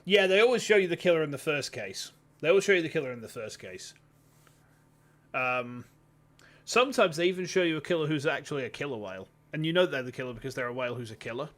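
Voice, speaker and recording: A man's voice: fairly high pitch, animated, quick pace, fairly bright tone. A man with a Yorkshire accent giving playful, rambling commentary as a VTuber while playing a game. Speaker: VTuber streamer. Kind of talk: casual gameplay commentary. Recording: faint music under voice.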